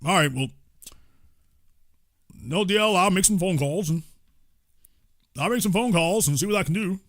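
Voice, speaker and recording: A man doing an impression of a persuasive male politician who talks in a measured, hesitant, coaxing way. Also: sits high, expressive.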